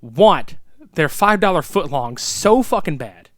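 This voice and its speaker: Recorded in studio quality with no room sound, a thirtysomething podcast co-host reviews a film at a measured pace in a highish voice. The chat is casual and profane; he's excitable, swears, and performs movie lines.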